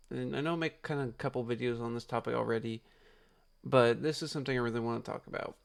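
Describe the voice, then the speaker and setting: Gravelly young man ranting late at night. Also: medium pitch. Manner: rambling, frustrated, swears freely. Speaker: YouTuber. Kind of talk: late-night casual vlog rant.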